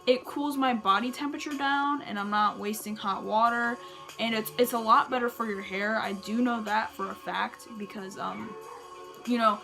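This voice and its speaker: A woman's voice: fairly high pitch, bright, forceful tone. Young woman rambling about running tips, lots of likes and restarts, music under her voice. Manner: chatty, filler-heavy, rambling with restarts. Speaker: vlogger giving running tips. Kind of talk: casual advice vlog.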